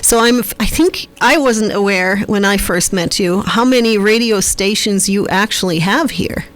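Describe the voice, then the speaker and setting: A woman's voice: medium pitch, moderate pace. A woman co-hosting a talk radio show, asking the guest questions in a conversational way. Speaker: radio co-host. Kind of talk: casual radio interview.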